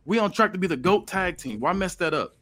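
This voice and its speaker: A man's voice: sits high, expressive, fairly quick, bright, forceful tone, pitched above the performer's own voice, full character voice. A man voicing a hurt male wrestler who pleads with his twin brother, in an earnest tone. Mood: pleading.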